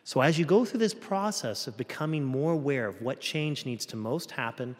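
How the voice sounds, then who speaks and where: A man's voice: medium pitch, big-room sound. A man, a Catholic priest, giving a conversational homily at Mass and acting out quoted voices with changes of tone. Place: church.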